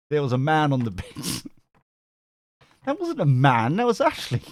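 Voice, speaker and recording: Male stream host, casual and chatty, bouncy pitch, dry close sound, laughs and swears freely. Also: no room sound. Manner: chatty, laughs often, swears, reads chat aloud. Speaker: tarot reader and stream host. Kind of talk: casual live-stream chat.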